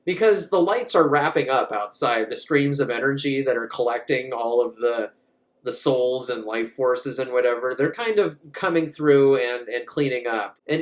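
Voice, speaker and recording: A man recapping a movie in a casual, comic way, rambling, swearing and often laughing. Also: mid-range voice. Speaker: movie reviewer.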